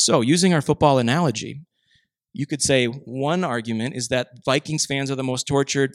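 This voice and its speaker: A man from Minnesota, preaching a sermon in an animated, storytelling way with rhetorical asides. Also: medium pitch, normal speed, dry recording. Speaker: pastor.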